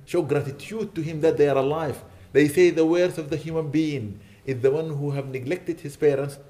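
A man delivers a sermon in an earnest, pleading way, pressing his points with indignant emphasis. His voice is mellow and somewhat high for a man. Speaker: imam.

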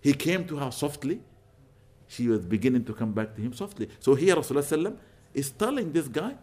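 An older man giving an Islamic lecture, telling stories earnestly with sudden bursts of loud emphasis. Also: medium pitch, animated, brisk. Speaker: Islamic preacher. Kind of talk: religious lecture with storytelling.

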